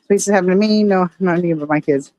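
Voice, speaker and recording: This woman's voice is fairly low and darkish, her pace quick, with no room sound and a muffled recording. Streaming from her phone in a home room full of aquariums, she shows off her fish tanks to the chat while frustratedly cursing at her equipment.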